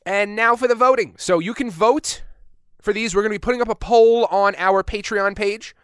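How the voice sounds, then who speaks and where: Guy hosting a podcast, smooth clear voice, kinda high, jokey rambling, dry close sound. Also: normal speed, no echo. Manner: joking, rambling asides. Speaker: podcast host. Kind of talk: casual chat, reading listener submissions.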